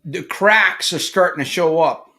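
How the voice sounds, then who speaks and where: A middle-aged man speaks to a live audience as a coach, his voice pitched a little high and sharply bright. He tells stories in an animated way and acts out the characters in them. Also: unhurried. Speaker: problem gambling coach. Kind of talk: live-stream motivational talk.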